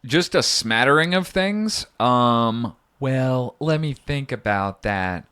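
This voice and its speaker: A man's voice: mid-range voice, lively intonation, takes it slowly, pushed and bright, clear, resonant tone. A man co-hosting a podcast in a studio, rambling and joking as he tells stories. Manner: rambling, jokey storyteller. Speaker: podcast co-host. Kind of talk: casual chat.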